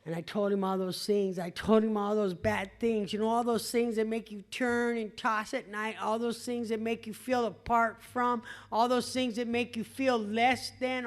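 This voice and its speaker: A middle-aged woman giving a blunt, swearing testimony at a recovery meeting, laughing at herself. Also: on the high side. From California. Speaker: AA meeting speaker. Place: meeting hall before an audience.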